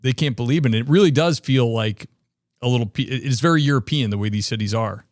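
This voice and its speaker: Male interview host from the Boston area, mid-pitch, eager and talkative, dry recording. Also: quick pace, dry recording. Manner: chatty, enthusiastic, many fillers. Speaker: podcast host. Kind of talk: casual interview chat.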